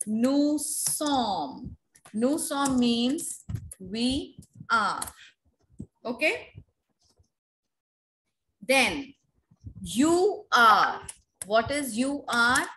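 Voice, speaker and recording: A woman with an Indian accent teaching a French class online, repeating drills slowly for students to echo over a video call. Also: on the high side, big pitch swings, pushed and bright, a little hiss or hum. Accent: Indian English.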